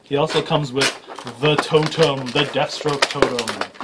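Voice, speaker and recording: A man reviews action figures in a relaxed, joking way, wandering into asides as he cuts open boxes. His pitch sits in an ordinary middle range. Heavy noise runs under the recording. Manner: joking, rambling, quick asides. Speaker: toy reviewer host. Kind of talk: casual unboxing chat. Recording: loud background noise.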